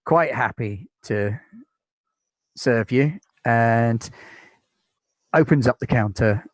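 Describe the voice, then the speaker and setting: A man's voice: medium pitch, takes it slowly, no room sound, poor audio. A British man narrating as game master of a tabletop game, describing scenes in an easygoing way with many fillers.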